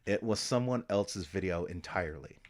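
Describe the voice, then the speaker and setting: A man with a fairly low voice rambles on a live stream. He thinks out loud, drops casual swear words and keeps circling back and restarting his sentences. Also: animated, moderate pace. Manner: meandering, swears often, trails off and restarts.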